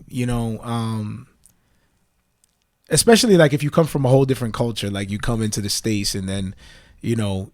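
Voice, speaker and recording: A man's voice: mid-range voice, a little mellow, dry recording, clean studio sound. A man co-hosting a podcast in casual chat, playful and teasing, often laughing. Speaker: podcast co-host.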